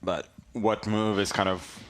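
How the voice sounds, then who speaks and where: Man, lowish voice, dry laid-back studio chess commentator. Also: fairly even intonation, measured pace, slight background noise. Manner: laid-back, dry, with frequent fillers and quoted asides. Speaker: guest commentator.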